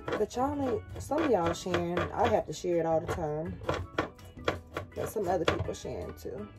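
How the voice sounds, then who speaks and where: A woman's voice: fairly low pitch, lively intonation, normal speed. A young woman vlogging casually in a small RV kitchen, chatty and playful, talking straight to her viewers. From United States. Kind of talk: casual chatty vlog talk. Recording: music playing under the voice. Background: background music.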